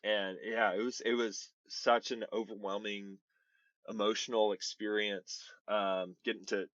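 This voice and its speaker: A man in his thirties, a baseball pitcher telling his story as a podcast guest in an earnest, rambling way, full of "like" and "you know". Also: little pitch movement, measured pace, a bit bright, no echo, lo-fi sound. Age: 30s. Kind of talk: casual interview storytelling.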